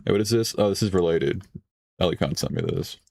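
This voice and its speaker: Brief: low-pitched man, dry close sound, offhand swearing streamer reacting to clips. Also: lively intonation, fairly quick, darkish tone, no room sound. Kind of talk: casual reaction commentary.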